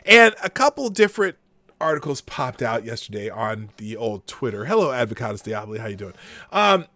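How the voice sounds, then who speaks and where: A man's voice: mid-range voice, big pitch swings, a little fast, pushed and bright, dry recording. A man hosting a casual live-stream commentary show, sarcastic and rambling, reading news articles aloud between asides.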